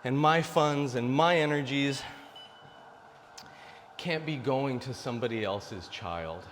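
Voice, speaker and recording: A dating advice vlogger in his forties speaks slowly to camera in a casual monologue, blunt and preachy, calling his viewers "guys." His medium-pitched voice is a bit bright, and the recording is reverberant with slight background noise.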